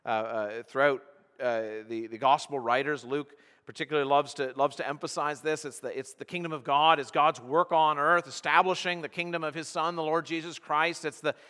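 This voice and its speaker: A man's voice: on the high side, fairly even intonation, a little fast, sharp tone. A pastor preaching an expository sermon, earnest and emphatic, often restarting his phrases as he works through the text. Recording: long hall reverb.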